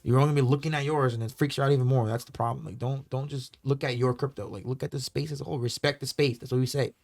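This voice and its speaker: A man's voice: medium pitch, fairly even intonation, racing, gravelly, darkish tone. A man co-hosting a casual crypto podcast, earnest, giving firm advice and repeating his points. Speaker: podcast co-host. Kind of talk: casual chat.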